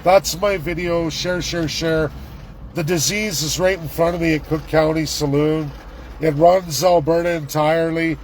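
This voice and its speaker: A middle-aged man, live-vlogging from a city street on his phone, ranting and repeating excited exclamations. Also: on the high side, unhurried, a little hiss or hum, low-quality recording. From Canada. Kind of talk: live street vlog commentary. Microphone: handheld phone camera.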